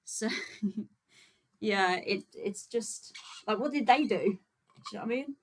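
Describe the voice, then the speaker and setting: An unhurried woman with a mid-range voice livestreams from Birmingham, England. As host and vegan activist, she keeps things chatty and informal, with many fillers, speaking to viewers while she sets up.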